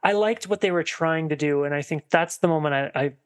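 A man with a somewhat high voice co-hosts a casual movie podcast. He rambles through his thoughts, piling up fillers and starting sentences over as he goes. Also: fairly quick, clear, resonant tone. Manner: rambling, heavy on filler "like" and restarts. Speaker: podcast co-host. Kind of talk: casual film discussion.

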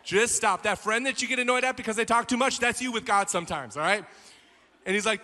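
A man preaching a sermon with a high, bright voice that carries a long hall reverb. He drops to near-murmurs and then builds to full shouts. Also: steady tone, fast. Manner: swings from quiet to shouting. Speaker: pastor.

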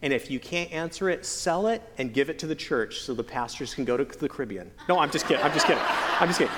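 A man preaching a sermon as pastor, earnest with playful joking asides and slow, stretched emphasis on key phrases. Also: medium pitch, lively intonation, background noise. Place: church sanctuary. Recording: long church hall reverb.

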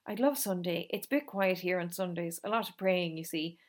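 A woman reading aloud, voicing a small, intense orphan girl who speaks quietly and earnestly. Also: lowish voice, brisk, lightly acted. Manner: quiet and earnest, sometimes hushed.

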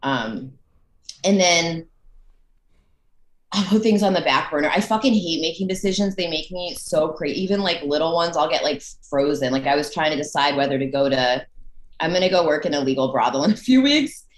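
Candid low-voiced woman guest. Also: moderate pace, reverberant. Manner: candid, self-deprecating, swears casually. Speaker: podcast guest. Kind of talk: casual chat.

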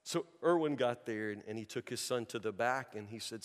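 Male pastor, mid-pitched voice, earnest pleading sermon, long hall reverb. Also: a little fast. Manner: earnest, pleading, repeats words. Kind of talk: sermon with storytelling.

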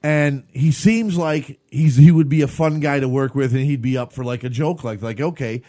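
A man's voice: medium pitch, moderate pace, dark tone. A man co-hosting a casual comedy podcast, rambling with many restarts and laughing often. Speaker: podcast co-host.

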